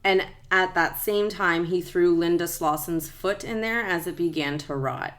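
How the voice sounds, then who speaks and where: Woman on a true crime podcast, lowish voice, reads the case off her notes in a steady even way. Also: unhurried. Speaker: podcast co-host.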